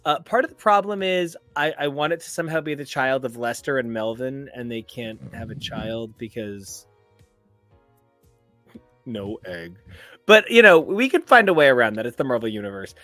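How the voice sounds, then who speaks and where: A man's voice: medium pitch, animated, moderate pace, fairly bright tone, dry recording, soft background music. A man co-hosting a comic book podcast, talking in a playful, theatrical and florid way. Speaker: podcast co-host. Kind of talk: casual comic book chat.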